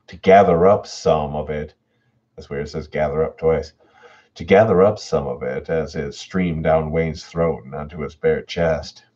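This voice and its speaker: A man reads horror stories aloud on a livestream, chatting casually with viewers between readings. His voice is extremely deep and husky. The recording sounds dull and lo-fi. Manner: relaxed and chatty, reads chat messages aloud. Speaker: horror story narrator and livestream host. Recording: dull lo-fi home audio.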